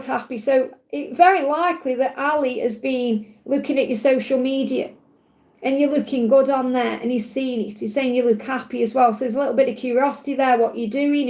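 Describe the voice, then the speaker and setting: A woman hosting a live stream, giving reassuring card readings to viewers with a calm, soothing manner and often repeating key phrases. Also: high voice. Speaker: tarot reader hosting a live Q&A.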